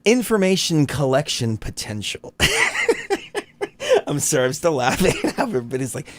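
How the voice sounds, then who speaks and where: A man co-hosting a casual live stream, joking with chat, laughing often and reading a document aloud haltingly. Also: mid-range voice, sing-song. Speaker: livestream co-host.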